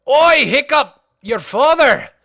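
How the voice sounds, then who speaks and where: A burly, good-natured blacksmith calls out in a loud, high, rough voice, as a man puts him on for laughs. He sounds gruff but warm-hearted and full of cheer. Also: animated, takes it slowly, full character voice. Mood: jolly gruff.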